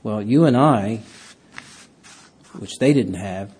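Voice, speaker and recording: A pastor preaching a sermon, reading scripture aloud and rising loud on key words. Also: male voice, fairly low pitch, slow pace, husky.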